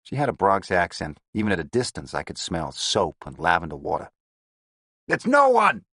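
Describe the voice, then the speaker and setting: A man reading an audiobook in a steady, descriptive first-person narration. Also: deep voice, brisk, breathy edge, no echo, studio quality.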